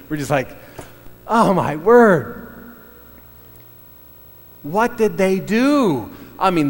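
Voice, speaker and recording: A middle-aged man telling a story in a sermon, halting, with many fillers and restarts. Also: fairly high pitch, in a large hall.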